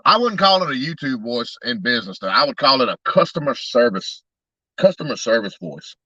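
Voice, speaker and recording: A man's voice: mid-range voice, big pitch swings, fairly quick, pushed and bright, dry recording, lo-fi sound. A man, casually chatting to his live-stream audience, laughing often and talking straight to the chat. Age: 30s. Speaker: truck tire shop owner and YouTuber.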